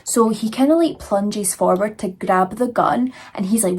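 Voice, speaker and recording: A woman's voice: mid-range voice, normal speed, darkish tone, slightly rough. A young adult woman hosting a true crime channel, telling the case in a chatty, casual way full of fillers. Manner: chatty, frequent "like" and "you know" fillers.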